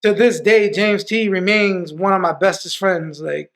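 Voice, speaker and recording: A man's voice: high-pitched, fairly even intonation, unhurried, a bit bright. A man, a podcast guest, telling stories in a loose, profane way full of restarts. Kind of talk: casual storytelling.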